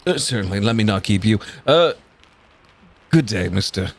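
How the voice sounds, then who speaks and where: A man voicing a formal, reserved male servant and driver who speaks politely and haltingly. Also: fairly low pitch, expressive.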